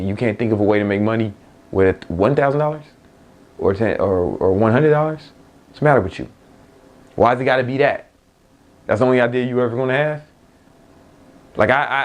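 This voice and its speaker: A young man, an entrepreneur, giving a blunt, profane motivational talk with frequent laughs and restarts. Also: medium pitch.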